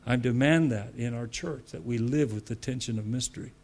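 A man's voice: mid-range voice, brisk, darkish tone. A man preaching a sermon with emphatic repetition, laughing between points.

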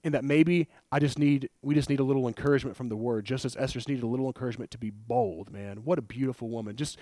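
A man preaching a sermon in a conversational, animated way, laughing often and retelling scripture with acted quotes. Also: mid-range voice, fast, no room sound.

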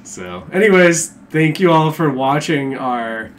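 A man co-hosting a casual film podcast, joking and signing off to listeners, often trailing off softly. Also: fairly high pitch, lively intonation, measured pace, slight background noise. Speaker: podcast co-host. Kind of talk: casual chat.

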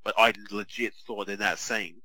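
A man, co-hosting a podcast and telling stories in a chatty, animated way full of restarts. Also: lowish voice, moderate pace, no room sound, low-quality recording. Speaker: podcast co-host. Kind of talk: casual chat.

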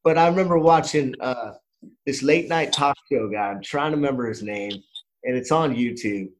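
A man's voice: mid-range voice, moderate pace, low-quality recording. Middle-aged male host, mid-range voice, chatty and meandering, full of false starts. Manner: rambling storyteller with many restarts. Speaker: podcast host. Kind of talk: casual podcast conversation.

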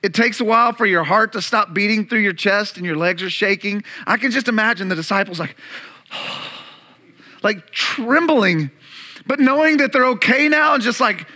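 High, bright-voiced animated man preaching. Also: brisk. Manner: animated preaching, acts out disciples' panic and Jesus' calm. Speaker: pastor. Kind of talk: sermon. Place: church room.

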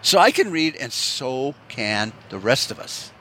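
A man's voice: mid-range voice, sing-song, measured pace, bright, forceful tone, a little hiss or hum. A man from the United States in a profane, rambling political rant, swearing often and restarting his sentences.

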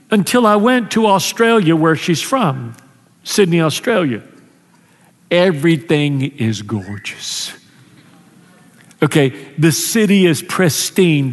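A male pastor preaches in a church sanctuary, his voice sitting a little higher than most men's. He talks to the congregation conversationally and stumbles over restarts as he goes. A long reverb trails each phrase through the big room. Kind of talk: sermon.

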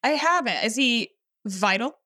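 A woman co-hosting a casual podcast, reacting with quick playful quips. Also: on the high side, expressive, bright, forceful tone. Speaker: podcast co-host.

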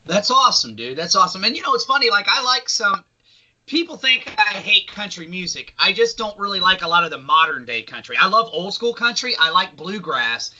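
Bright-voiced, enthusiastic podcast co-host man. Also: high-pitched, sing-song, fairly quick. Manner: enthusiastic, profane, keeps repeating "awesome". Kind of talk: casual podcast chat. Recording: slightly dull, lo-fi sound.

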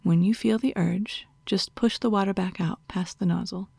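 A woman's voice: mid-range voice, fairly even intonation, normal speed, vocal fry, dark tone, slightly rough, no echo. A woman voicing a stern, dominant female doctor who gives orders and scolds in a half-whispered voice, as whispered role-play. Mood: commanding.

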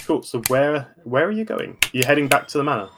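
A man's voice: medium pitch, animated, brisk, noisy background. A man running a tabletop game as game master, playful and teasing with the players.

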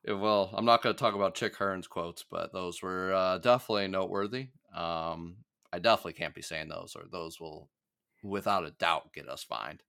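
Deep-voiced man, casual podcast host. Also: normal speed, vocal fry, smooth. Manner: laughs often, relaxed with fillers. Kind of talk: casual podcast chat about a TV show.

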